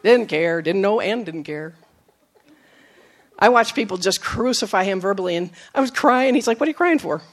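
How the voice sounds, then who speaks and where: A woman preacher giving a sermon, telling stories with acted quotes, moving from emphatic lines to soft, low asides. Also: normal speed. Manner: storytelling, with acted quotes and laughs.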